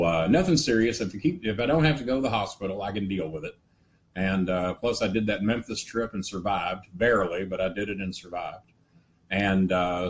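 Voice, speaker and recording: An older man with a drawl talks in a low, easygoing register, hosting a live chat. He rambles folksily, full of fillers and wry asides. A faint hiss sits under the recording. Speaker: host. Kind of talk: casual live-stream chat. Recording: faint ambient noise.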